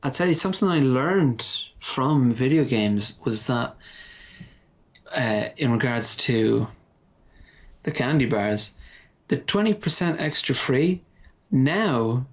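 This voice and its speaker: Man, slow deadpan sarcasm, podcast co-host. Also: mid-range voice. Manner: deadpan mock-earnest, theatrical sighs. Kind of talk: sarcastic comedic chat.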